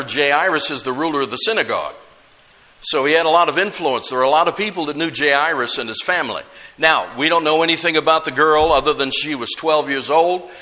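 A man's voice: on the high side, pushed and bright. A middle-aged male pastor preaching a sermon, emphatic and conversational with humorous asides. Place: church sanctuary. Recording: echoey church hall.

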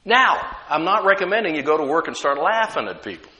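Male pastor, sermon delivery, animated and higher-pitched, echoing sanctuary. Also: brisk, highs cut off. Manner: conversational preaching with rhetorical questions.

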